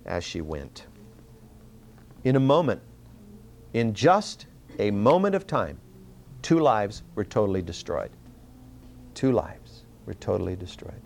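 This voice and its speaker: Earnest man teaching with lively pitch. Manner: earnest, repeats words and restarts, rises in pitch for emphasis. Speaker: Bible teacher. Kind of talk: expository Bible teaching.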